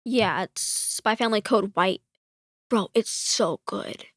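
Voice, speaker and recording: A woman's voice: medium pitch, slow, dry recording, clean studio sound. A woman chatting casually on a podcast, retelling a story in a rambling way with lots of fillers. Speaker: podcast guest. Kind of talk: casual chat.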